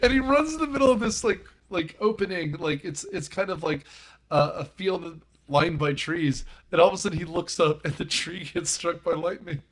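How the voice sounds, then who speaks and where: A man's voice: fairly high pitch, moderate pace. A man on a movie podcast panel, animatedly retelling film scenes and giggling as he talks. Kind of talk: casual movie discussion.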